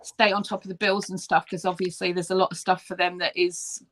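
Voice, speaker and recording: A woman's voice: fairly low pitch, flat delivery, a little fast, fairly bright tone. A woman, a guest on a live video chat, talking enthusiastically with many ums. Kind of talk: casual chat.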